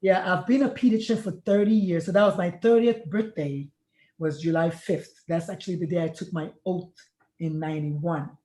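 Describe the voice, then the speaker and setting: Heard with echoey room sound and slight background noise, a middle-aged woman speaks in a dark, lowish voice at a moderate pace. A retired pediatrician turned life coach, she earnestly reflects on her story in an interview, reenacting past conversations in dialogue.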